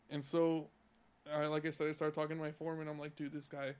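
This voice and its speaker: A man's voice: fairly high pitch, completely flat delivery, quick pace, a little mellow, smooth. A young man from California on a casual podcast, telling a profane, heated story about work. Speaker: podcast co-host.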